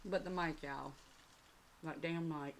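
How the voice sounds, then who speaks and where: A woman's voice: deep voice, steady tone, slow, a little hiss or hum. A woman hosting an eating show, chatting casually and talking straight to her viewers. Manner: chatty, addresses viewers as y'all. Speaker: mukbang channel host.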